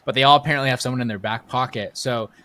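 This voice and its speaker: A man hosting a podcast, asking questions in a quick, casual way with short agreements. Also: medium pitch, pushed and bright. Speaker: podcast host. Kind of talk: casual interview chat.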